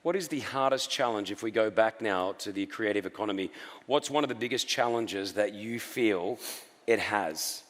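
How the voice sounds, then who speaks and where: A man's voice: on the low side, normal speed, a bit bright. A man interviewing a guest onstage, asking eager, complimentary questions. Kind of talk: onstage conversation. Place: conference stage. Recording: long reverb of a large hall.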